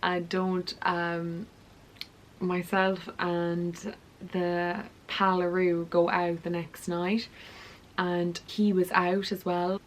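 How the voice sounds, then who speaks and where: A woman's voice: on the low side, drawn-out words, a little hiss or hum. Chatty young woman vlogging. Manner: chatty, animated, acts out quoted dialogue. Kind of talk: casual storytelling to camera.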